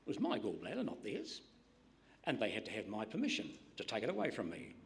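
A man preaching a sermon in an emphatic style, dropping to hushed whispers to stress a point. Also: fairly low pitch, huge pitch swings, a little fast, creaky.

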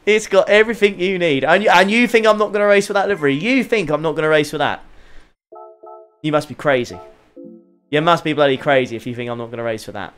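A man streaming a racing game, chatting casually with viewers, excitable and jokey with plenty of swearing. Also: a little high, quick pace, smooth. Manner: excitable, joking, swears freely. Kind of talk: casual live-stream commentary.

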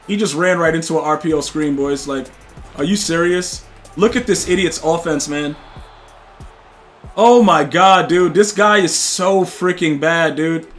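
Streamer man, high and sharp-edged, excitable trash talk to chat, prone to shouting. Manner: excitable, trash-talking, repeats "dude" and "bro"; bursts into loud shouting. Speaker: gaming streamer. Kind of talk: live gameplay commentary to chat.

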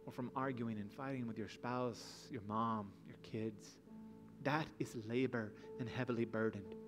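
A man's voice: medium pitch, fairly even intonation, a little slow, music in the background. A man preaching a sermon as pastor in a church, earnest and building to emphatic passages. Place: church sanctuary.

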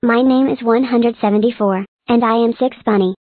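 A woman voicing a bubbly female counting-block character with a flat announcing delivery. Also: on the high side, fairly quick, dry recording, lightly acted. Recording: tinny dry lo-fi audio.

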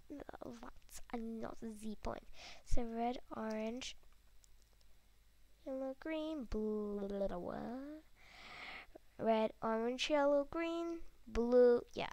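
A woman's voice: fairly high pitch, gravelly, darkish tone. A woman hosting a casual gameplay video, chatting to herself and her viewers with frequent giggles and whispered asides. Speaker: gaming video host.

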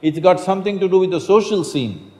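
A man's voice: sits high, lively intonation, fairly quick, a little mellow. An older man giving a spiritual talk to an audience in a hall, telling stories and asking the audience questions. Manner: storytelling, asks the audience questions. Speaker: spiritual teacher.

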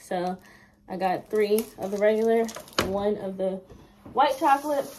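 A woman's voice: medium pitch, a little slow, noisy background. A young woman chatting casually to viewers in a vlog, talking straight at the camera. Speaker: vlogger. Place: car and home.

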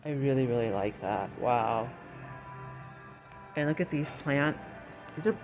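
A woman vlogging as she shops in a large store, talking excitedly and chattily about prices on a handheld phone. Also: very deep voice, unhurried, dull audio, over music. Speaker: shopping vlogger. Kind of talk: casual shop-with-me commentary.

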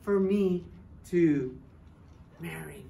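A woman playing a devout young man speaking softly and with firm resolve. The voice drops low and quiet, and the pace is unhurried. A faint room hum sits underneath. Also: creaky, heavily acted. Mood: resolved. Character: earnest young male missionary, devout.

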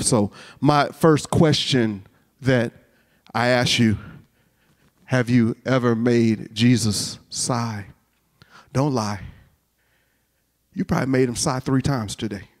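A middle-aged man preaching a chapel sermon, swinging from hushed, whispered lines to shouted declarations. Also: mid-range voice. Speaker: chapel speaker. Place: college chapel.

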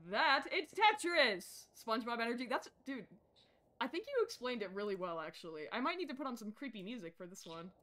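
A young woman streaming a game live, chatting casually with her viewers and getting excitable. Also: a little high, fast talker. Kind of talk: casual live-stream chat while playing. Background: faint background music.

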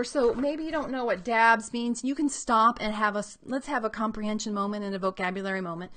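A woman's voice: a little high, a little fast, hardly any pauses, a bit bright. A woman reading educator giving an upbeat, explanatory teaching talk about children's books, thinking aloud as she goes.

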